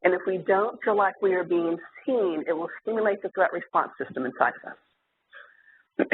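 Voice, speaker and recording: A therapist with a medium-pitched voice speaks at normal speed, giving an earnest, explanatory lecture to clinicians with occasional fillers. The recording sounds tinny and phone-like, with faint hiss.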